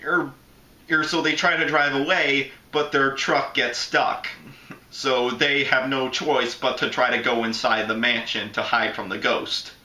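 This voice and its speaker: A man's voice: mid-range voice, steady tone, unhurried, sharp tone. A man from Florida with a Southern accent, chatting casually through a movie review and breaking into goofy voices. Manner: chatty, jumps into goofy impressions. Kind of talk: casual video commentary. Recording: echoey room.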